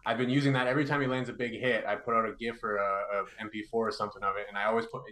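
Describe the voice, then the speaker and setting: A man appearing as a guest analyst on a hockey podcast, talking through plays in a measured, analytical way with many fillers. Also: on the low side, steady tone, bright, forceful tone. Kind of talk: casual hockey podcast chat.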